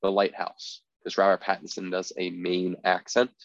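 A man's voice: sits low, monotone, normal speed, dry recording. Young man rambling in casual podcast chat. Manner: rambling, many filler words. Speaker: podcast co-host. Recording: dry, slightly dull podcast audio.

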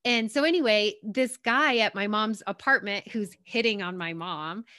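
A woman's voice: mid-range voice, normal speed, pushed and bright, dry recording, clean studio sound. A young adult woman telling a personal story in a casual, rambling way, often circling back with "anyway" and "like". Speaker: guest sharing her story.

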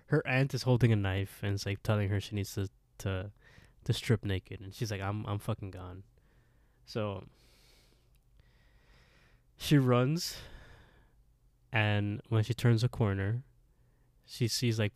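A man's voice: fairly low pitch, no echo. A man co-hosting a podcast, animatedly retelling a story in casual chat and laughing often. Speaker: podcast co-host.

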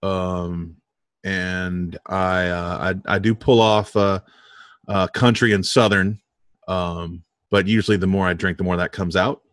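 A man's voice: low-pitched, flat delivery, measured pace, fairly bright tone, dry recording, studio quality. A man, a podcast guest chatting casually and joking, with frequent restarts. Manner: joking, rambling, many restarts. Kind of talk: casual chat.

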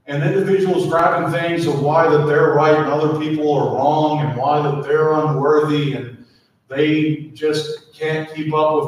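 A man preaching a sermon as pastor, slow and emphatic, repeatedly asking the congregation to speak to their neighbors. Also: on the high side, a little mellow. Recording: echoey hall, mic at a distance.

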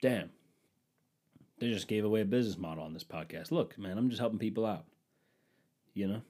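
A man's voice: lowish voice, fairly quick. Profane, storytelling podcast man. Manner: profane, animated ranting when retelling arguments. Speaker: podcast host. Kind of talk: casual storytelling.

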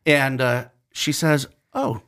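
A middle-aged man from New Jersey tells a story with a faint New Jersey accent. His voice sits on the low side but swings widely and expressively. He chuckles often as he talks in a casual, conversational way. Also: normal speed. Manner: animated anecdote-telling, chuckles often.

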